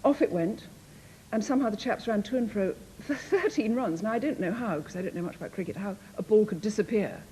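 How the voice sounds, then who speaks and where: A woman team captain spins tall definitions with playful amusement. Her voice sits at an ordinary pitch. A faint hiss hangs behind it. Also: animated, fast, dark tone, poor audio. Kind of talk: panel game banter.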